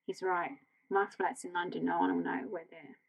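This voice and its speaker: An Australian woman reading a novel aloud as a bedtime story, in a quiet, gentle voice that slips into whispers. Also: on the low side, little pitch movement, normal speed, vocal fry, poor audio. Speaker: audiobook reader.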